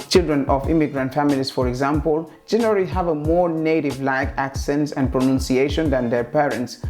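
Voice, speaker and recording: A man's voice: fairly high pitch, a little mellow. A man hosting an educational video, narrating a scripted explanation and asking rhetorical questions. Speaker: host.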